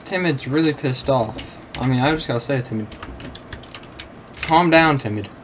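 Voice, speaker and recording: A young man giving casual commentary over his own gameplay, excitable, laughing often and swearing freely. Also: medium pitch, moderate pace, a little hiss or hum. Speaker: gameplay video creator.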